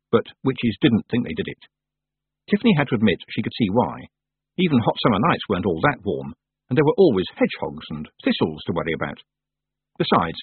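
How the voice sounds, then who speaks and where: Husky man narrating a story. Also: lowish voice, dry recording. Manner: lively, expressive storytelling. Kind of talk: audiobook reading. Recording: tinny phone-like dry sound.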